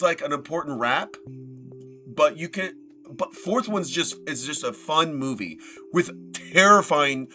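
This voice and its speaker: A young man hosting a live stream, reading posts aloud and riffing on them in a casual, animated way, swearing freely and joking with his chat. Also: a little high, unhurried, soft background music. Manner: animated, swings loud and soft, swears casually, jokes with chat. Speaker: livestream host.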